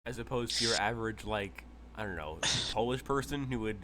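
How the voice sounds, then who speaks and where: A man running a tabletop game session with a casual, joking delivery and frequent laughter. His voice sits at a middling pitch with animated, lively intonation. A faint hiss sits underneath. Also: a little fast. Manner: joking, laughs often, narrates his character.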